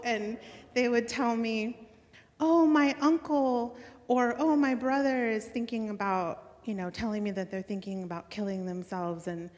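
A woman recounts a personal faith story, earnest and excited, dotting her sentences with "like" and little laughs. Her voice sits at an ordinary middle pitch. It rings out with a long reverb, as if spoken in a large hall. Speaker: speaker sharing a faith testimony.

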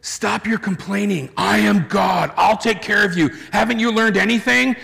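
Brief: a man playing a curt, impatient god scolding his people, bright voice, hall reverb. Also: high-pitched, normal speed, creaky, full character voice. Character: stern, impatient scolding deity, male.

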